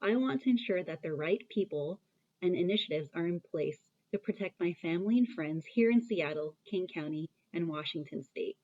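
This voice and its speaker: A woman delivering a measured, formal call to action as a prepared statement. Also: lowish voice, lively intonation, warm tone. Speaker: program founder giving an appeal. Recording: dull, lo-fi audio.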